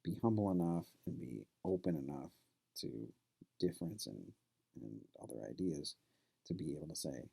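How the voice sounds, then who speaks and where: A man's voice: sits low, very animated, normal speed, gravelly, dark tone, breathy edge. A man who is a college professor, talking casually to his class and telling a story, loose and conversational with plenty of fillers. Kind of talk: classroom lecture with anecdote.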